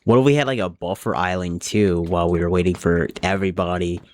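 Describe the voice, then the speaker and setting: A man's voice: sits low, steady tone, fast, a little hiss or hum. A young man chatting casually on a live stream while he plays a game, thinking aloud and rambling from one thought to the next.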